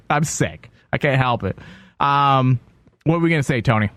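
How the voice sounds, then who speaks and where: A man's voice: mid-range voice, normal speed, fairly bright tone, no echo. A man hosting a comedy podcast, joking crudely and laughing often while sick. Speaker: podcast host. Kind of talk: casual comedy banter.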